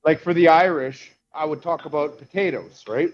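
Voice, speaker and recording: A man's voice: fairly high pitch, normal speed, highs cut off. A man hosting a live stream, casually explaining his workshop work and cracking jokes. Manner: jokey, explains while working. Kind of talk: casual chat while working in a workshop.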